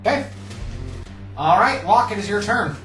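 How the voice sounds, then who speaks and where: A game master narrating a tabletop game in an unhurried, descriptive way. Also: mid-range voice, lively intonation, a bit bright, echoey room, soft background music. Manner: unhurried, descriptive, with fillers like "kind of".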